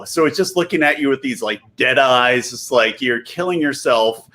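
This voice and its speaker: Tipsy, rambling comedian. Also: male voice, mid-range voice, lively intonation, normal speed, hardly any pauses, a bit bright. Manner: rambling, self-interrupting, laughs mid-sentence. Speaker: guest comedian. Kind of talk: casual comedic storytelling.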